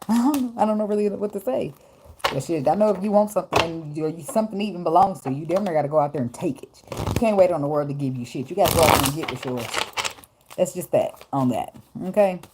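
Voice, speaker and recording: A woman's voice: fairly low pitch, fast. A woman giving a loose, profane, joking tarot reading to her viewers from her phone at home. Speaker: tarot reader. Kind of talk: casual spiritual reading vlog. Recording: noisy phone recording.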